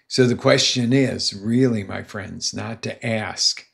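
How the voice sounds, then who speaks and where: Gravelly-voiced male motivational coach. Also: lowish voice, slow, few pauses. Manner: emphatic, animated storyteller. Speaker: life coach. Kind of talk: motivational talk with storytelling.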